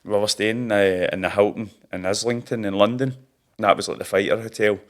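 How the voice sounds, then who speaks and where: Low-voiced Scottish boxer in his thirties. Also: fairly even intonation, moderate pace. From Scotland. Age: 30s. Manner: chatty storyteller, laughs at himself, broad slang. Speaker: professional boxer. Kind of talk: casual interview chat.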